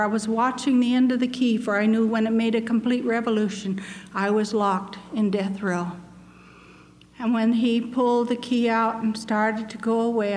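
An older woman giving an earnest testimony sermon, telling her story and slowing down for emphasis. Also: a little high. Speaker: missionary speaker. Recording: long echo of a large hall.

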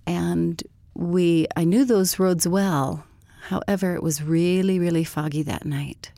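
Calm, low-voiced woman telling her story. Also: unhurried, creaky, no echo, studio quality. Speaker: guest. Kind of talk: personal testimony storytelling.

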